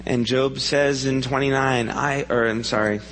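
A man's voice: medium pitch, steady tone, measured pace, a bit bright, long reverb tail, a little hiss or hum, rough recording. A man preaching a sermon in a church, earnest and asking the congregation questions. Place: church sanctuary.

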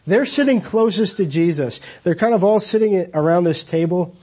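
A man preaches in a relaxed, storytelling way, asking the congregation rhetorical questions as he goes. His voice sits high for a man, with a mellow, husky grain. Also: normal speed. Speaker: pastor. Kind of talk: sermon. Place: church.

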